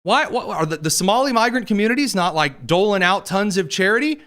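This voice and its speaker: A man's voice: sits high, animated, a little fast, a bit bright. A man hosting a political commentary show, talking in a sarcastic, mocking way.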